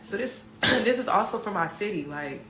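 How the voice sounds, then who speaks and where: A young musician from Richmond, California shares her life and music in a casual, confessional way. Her mid-range, slightly bright voice has lively intonation, but she halts and restarts often, using lots of filler words. The recording has a roomy echo and background noise.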